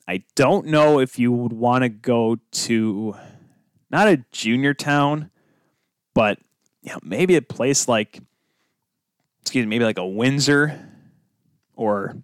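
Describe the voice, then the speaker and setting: A man's voice: mid-range voice, slow, pauses often, clean tone, dry recording, clean studio sound. A man hosting his own sports podcast alone, talking casually and drifting off on tangents with self-deprecating asides. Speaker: podcast host. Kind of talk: solo podcast monologue.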